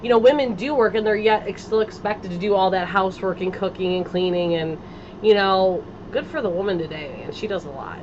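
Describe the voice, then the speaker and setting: A woman guest chats eagerly about films and music in a mid-range voice. The recording is dull and lo-fi. A clear background noise hums under her. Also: mid-range voice, a little fast. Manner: enthusiastic, chatty. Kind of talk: casual pop-culture chat.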